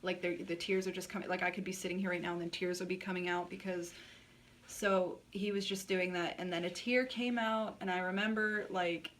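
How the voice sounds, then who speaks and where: A woman's voice: fairly low pitch, steady tone, fairly quick, a bit bright, far from the mic, a little hiss or hum. A woman vlogger telling a personal story in a blunt, candid way, swearing freely and saying "like" a lot. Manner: blunt and frank, swears freely, many filler likes.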